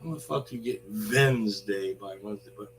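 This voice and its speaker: A man's voice: on the low side, fairly quick, slight background noise, rough recording. A man ranting in a blunt, sarcastic vlog monologue, swearing freely. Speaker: vlogger.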